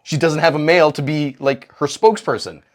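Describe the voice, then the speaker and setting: A man co-hosting a comedy podcast, retelling old stories in a profane, irreverent way and jumping into quoted voices. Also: a little fast. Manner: profane, animated, acts out quoted characters with big pitch jumps. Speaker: podcast co-host.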